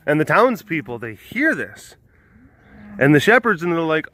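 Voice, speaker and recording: A man's voice: fairly high pitch, big pitch swings, normal speed, pushed and bright, no room sound. A man casually retelling old fables, rambling and full of filler words. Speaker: host. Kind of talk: casual storytelling.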